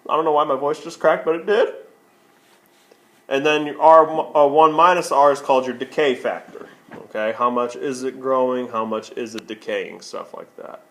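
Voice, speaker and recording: A man's voice: medium pitch, fairly bright tone. Man teaching math, asking his own questions. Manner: asks questions and answers them himself, with frequent okays. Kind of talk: screencast lesson explaining on a tablet.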